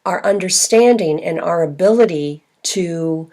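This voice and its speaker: A woman literacy consultant giving a recorded teaching presentation, speaking clearly and slowly stretching out example words for listeners. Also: on the low side, mellow. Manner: clear instructional delivery, slow modeled words.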